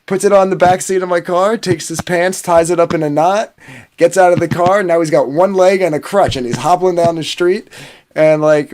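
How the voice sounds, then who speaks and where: A man's voice: high-pitched, a little mellow, a little hiss or hum. A man from New Jersey telling a long story in a rambling, casual way, full of fillers and swearing. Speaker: podcast panelist.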